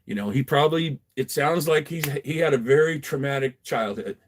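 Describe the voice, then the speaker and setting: A man's voice: on the high side, normal speed, slight background noise. Man, casual livestream chat, cursing, rambling, frequent laughs, garage setting. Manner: profane, rambling, laughs often, reads chat aloud. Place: home garage.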